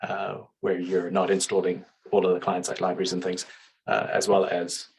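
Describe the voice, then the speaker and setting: A man speaking as a panel guest, explaining in a measured way with frequent "uh"s. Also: deep voice, completely flat delivery, husky, low-quality recording. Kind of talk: casual panel talk.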